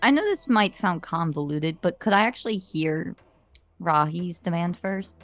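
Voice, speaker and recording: A woman with a fairly low voice plays a tabletop game and answers the game master bluntly. Faint music sits under her voice. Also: lively intonation, moderate pace. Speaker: player. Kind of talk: playing a tabletop game in character.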